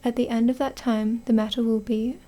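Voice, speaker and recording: A woman with an Australian accent voicing a stern foreign male nobleman in soft whispered role-play, read evenly and without a put-on accent. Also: on the high side, little pitch movement, brisk, lightly acted. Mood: grave.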